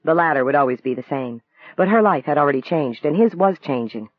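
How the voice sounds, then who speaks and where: A man narrating an audiobook novel in a calm, even storytelling voice. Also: a little high, fairly quick, no room sound. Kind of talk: scripted narration. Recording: dry, tinny phone-like sound.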